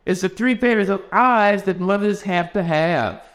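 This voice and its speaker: A man's voice: high-pitched, a little slow, fairly bright tone, voice pushed up. A man reading the part of the Lord, an eager male creator, in an earnest, heightened way.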